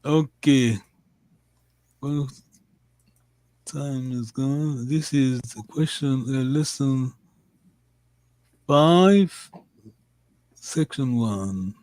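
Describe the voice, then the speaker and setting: A man teaching a language lesson, giving slow, patient and encouraging drills. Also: medium pitch, a little mellow, no echo.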